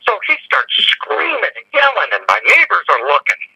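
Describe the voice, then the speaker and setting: A man's voice: sits high, wildly swooping pitch, brisk, sharp tone, husky, poor audio. A man calling in to a show, telling a long story in an indignant, rambling way. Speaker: guest caller. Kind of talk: angry storytelling on a call-in show.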